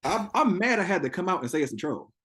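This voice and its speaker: A young man telling a story in a casual interview, profane and animated, laughing often and acting out quotes. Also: sits high, fast. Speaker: interview guest.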